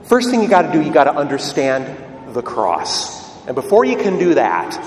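Priest preaching in an echoey church. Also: male voice, fairly high pitch, normal speed, recorded from a distance, a little hiss or hum. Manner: lively, conversational preaching with rising emphasis. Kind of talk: gospel reading and homily.

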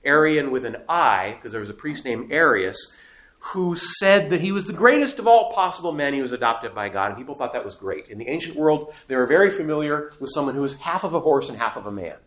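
A man's voice: mid-range voice, sing-song, brisk, a bit bright. A man teaching a faith class to a live audience, emphatic and asking the room questions. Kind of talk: lively classroom lecture. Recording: echoey room.

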